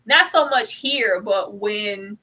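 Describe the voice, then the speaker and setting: Animated bright-voiced woman. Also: slow pace, poor audio. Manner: animated, acts out quotes with big pitch jumps. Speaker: panelist. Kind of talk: casual TV recap chat.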